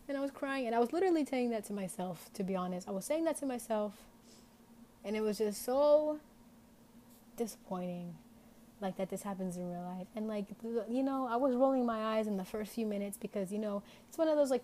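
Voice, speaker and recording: A woman's voice: mid-range voice, lively intonation, brisk, mellow, slight background noise. A young woman hosting an unscripted podcast, talking casually and rambling with many fillers. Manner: rambling, lots of "like" fillers, candid. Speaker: podcast host.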